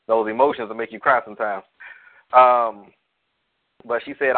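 A man's voice: medium pitch, fairly even intonation, normal speed, pauses often. A man, a pastor, hosting a call-in show in a heartfelt, rambling way. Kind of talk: casual call-in talk. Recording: tinny phone-line sound.

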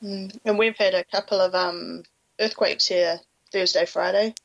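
A woman's voice: lowish voice, fairly even intonation, unhurried, vocal fry. New Zealand woman on a dull line. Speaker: podcast guest. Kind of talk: casual chat.

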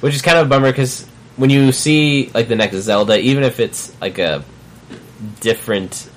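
A man hosting a casual podcast chat, relaxed and hesitant with many ums. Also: mid-range voice, normal speed, a little hiss or hum. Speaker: podcast host.

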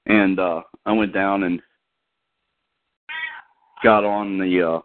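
A man with a low voice tells a story in a relaxed, conversational way, often restarting his sentences. The audio is tinny, like a phone call. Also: slow. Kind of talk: casual storytelling.

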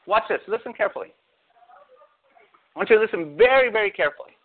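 Here a preacher with a high, expressive voice races through his sermon, peppering the congregation with rhetorical questions. The sound is narrow, like a phone line.

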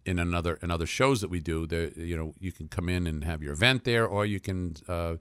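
Bright-voiced chatty man promoting events. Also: deep voice, fairly quick, clear, resonant tone, no echo. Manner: talkative, laughs easily, many fillers. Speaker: event promoter for a community center. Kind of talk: casual radio chat.

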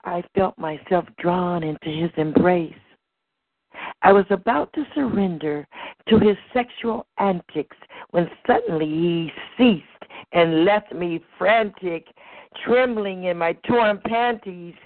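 A woman performing spoken word poetry at an open mic with a slow, rhythmic, rhyming delivery. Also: fairly low pitch, dry recording. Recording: tinny phone-like recording.

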